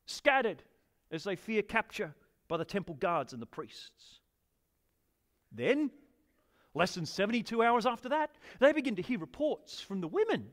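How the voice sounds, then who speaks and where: In a church hall, a male pastor preaches a sermon in a high, fairly bright voice. He is eager, enthusiastic and conversational, tossing questions to the congregation as he goes.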